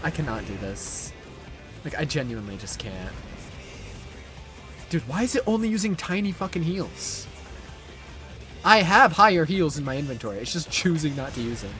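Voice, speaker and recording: A man's voice: a little high, sing-song, normal speed, pauses often, over music. A young man streaming a live game, ranting and swearing at a boss with repeated frustrated outbursts. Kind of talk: live gameplay commentary.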